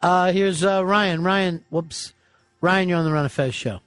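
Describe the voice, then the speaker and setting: Dry questioning radio host. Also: male voice, sits high, a little slow, a bit bright, clear, resonant tone, faint music behind. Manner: dry, questioning, steers the talk. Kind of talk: casual radio talk, taking calls. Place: radio studio.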